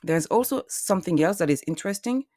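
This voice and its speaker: A woman's voice: lowish voice, lively intonation, fast talker, dark tone, no room sound, studio quality. A woman teaching French pronunciation, patient and methodical, sounding out each syllable and explaining step by step. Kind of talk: slow, careful pronunciation lesson.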